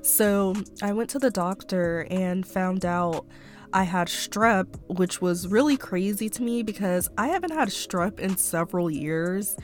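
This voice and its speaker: A young woman hosts her own podcast, rambling through a casual personal monologue packed with fillers like "um" and "like." She speaks at an unhurried pace and medium pitch, still a little stuffy-nosed from a cold, with faint music behind her.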